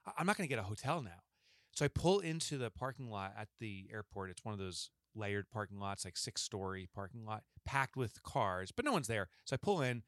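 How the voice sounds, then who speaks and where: This podcast co-host has a lowish voice and speaks fairly quickly, animatedly telling a long story in casual chat and acting out the lines of the people in it. There's no room sound, and the studio recording is clean.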